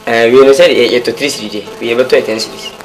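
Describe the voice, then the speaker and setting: A man playing a fast-talking eager businessman. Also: mid-range voice, steady tone, natural voice, low-quality recording. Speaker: film character. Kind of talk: casual movie dialogue.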